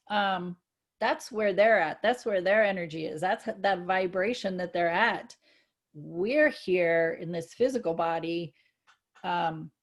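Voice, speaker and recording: A woman co-hosting a casual spiritual chat, earnest and reflective, growing excited when she gives examples. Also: fairly low pitch. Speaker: co-host.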